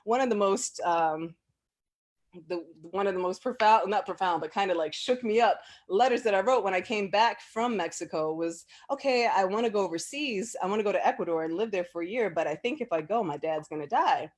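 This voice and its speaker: A woman with a medium-pitched voice speaks fairly quickly as an interview guest recalling personal memories. Her talk is casual, filler-laden and punctuated by laughter, becoming lively when she quotes people.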